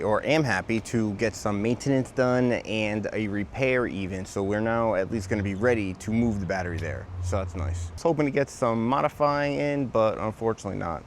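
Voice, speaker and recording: A man's voice: lowish voice, a little hiss or hum. A man hosting a vlog, working on a car in a garage and telling a story in a joking, casual way that includes some swearing. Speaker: vlog host doing car repairs. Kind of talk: casual hands-on narration and storytelling.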